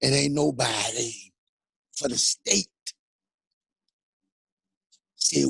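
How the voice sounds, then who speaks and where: A man's voice: on the high side, steady tone, moderate pace, a little mellow, dry recording. An older man speaking earnestly as a guest, peppering his talk with "man" and "you understand.". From United States. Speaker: guest, exoneree. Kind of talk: emotional phone interview.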